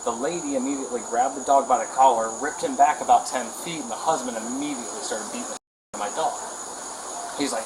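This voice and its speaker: A defensive man explains himself to officers on his own sidewalk, excited and quick to swear. His voice sits in a middle range, and the body camera audio carries steady outdoor noise. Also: mid-range voice. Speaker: homeowner and dog owner. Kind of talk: explaining an incident to police. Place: residential sidewalk outdoors at night. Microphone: police body camera.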